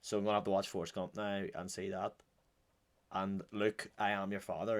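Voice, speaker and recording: A man's voice: lowish voice, level tone, moderate pace. A man with a Northern Irish accent hosting and joking his way through casual reaction commentary. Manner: joking, chatty, offhand. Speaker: host.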